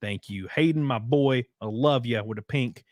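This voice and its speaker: A man's voice: mid-range voice, moderate pace, no room sound, clean studio sound. Laid-back Southern-drawling male streamer. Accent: Southern US rural. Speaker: streamer reading super chats. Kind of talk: casual livestream chat.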